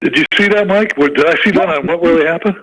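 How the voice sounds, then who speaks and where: A man's voice: fairly high pitch, fast, a bit bright, dry recording, poor audio. A man calling in to a talk radio show, speaking casually with frequent stumbling restarts. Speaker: caller. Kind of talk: casual call-in chat.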